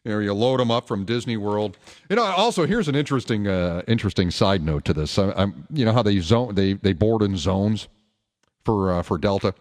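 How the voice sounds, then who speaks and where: Animated talk radio host, man. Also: on the low side, fairly quick, in a large hall. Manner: opinionated, emphatic, rhetorical questions. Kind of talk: talk radio monologue and call-in.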